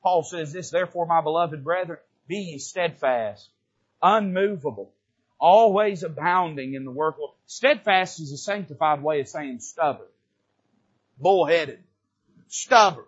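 A pastor with a high, somewhat husky voice preaches in a church sanctuary. He drops low and soft, then rises loud with repeated questions. The recording is dull and lo-fi. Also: a little slow. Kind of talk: sermon.

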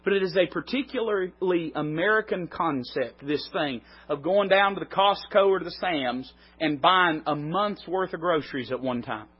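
A man preaching a sermon, swinging between loud climbs and quiet drops. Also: fairly high pitch, normal speed, few pauses, breathy edge, lo-fi sound. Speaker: pastor.

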